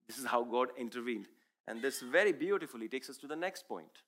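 A man's voice: medium pitch, animated, a little fast, fairly bright tone. A man whose first language is Urdu, giving an earnest, emphatic sermon testimony as a preacher.

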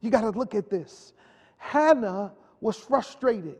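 A man's voice: high voice, animated, takes it slowly, a little mellow, breathy edge. A male pastor preaching a sermon with a repetitive, call-and-response delivery. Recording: long hall reverb.

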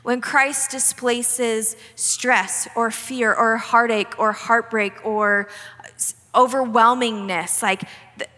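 A woman's voice: a little high, fairly even intonation, slow pace, bright, forceful tone, in a large hall. A young woman giving an earnest, conversational devotional talk, often restarting her sentences. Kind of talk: sermon-style devotional talk.

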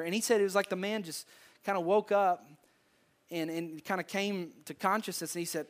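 A man's voice: sits high, steady tone, moderate pace. A man with a Southern American accent, preaching a conversational sermon to his congregation, often repeating words and asking the room questions. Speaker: pastor. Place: church sanctuary.

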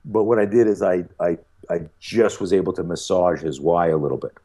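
A man with a very low, deep voice tells a story as an interview guest. He talks casually and acts out the dialogue, stopping often for fillers. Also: fairly quick. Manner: animated storyteller, many fillers and quoted dialogue. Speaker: podcast guest.

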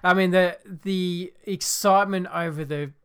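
Excited Australian podcast host, smooth voice. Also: male voice, high-pitched, moderate pace. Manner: excited, jokey, tripping over restarts. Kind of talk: casual sports chat.

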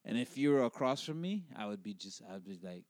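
A man's voice: medium pitch, a little fast, no room sound, studio quality. A man from the Caribbean, an actor and podcast guest, telling anecdotes in casual chat and laughing often as he talks. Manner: laughs often, animated retelling.

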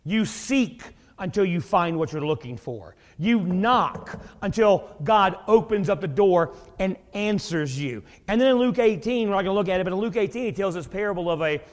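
A man's voice: high-pitched, expressive, moderate pace, few pauses, long reverb tail. A man preaching a sermon in a folksy, joking, conversational way. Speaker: pastor.

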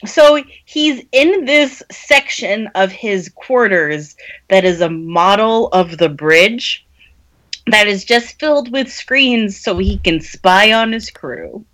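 A woman's voice: mid-range voice, lively intonation, slow, fairly bright tone. A woman co-host with an ordinary mid-range voice. She recaps a story in casual, chatty podcast talk, often breaking into laughter. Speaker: podcast co-host summarizing the book. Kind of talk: casual chat.

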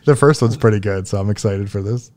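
A man's voice: fairly low pitch, fast talker, a little mellow. A man hosting a casual gaming podcast, often laughing while he reads out listener mail and game clues. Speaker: podcast host.

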